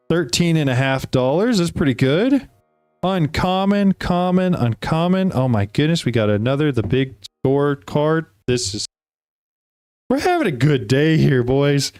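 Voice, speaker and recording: A man hosting a casual card-opening video, chatting excitedly to viewers and reading card text aloud. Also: mid-range voice, unhurried, no room sound, faint music behind.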